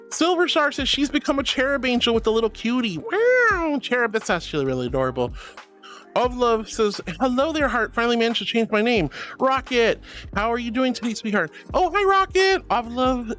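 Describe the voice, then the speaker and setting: Playful guy streamer, high bouncy voice, giggly and sweet with chat. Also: fairly bright tone. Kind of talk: casual chat. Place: home streaming setup.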